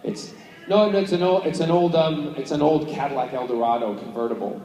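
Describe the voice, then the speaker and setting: A man's voice: fairly high pitch, fairly quick, warm tone, distant mic. A man answering fan questions at a convention panel in a playful, chatty way, laughing often. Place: large convention hall. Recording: echoey hall, picked up from afar.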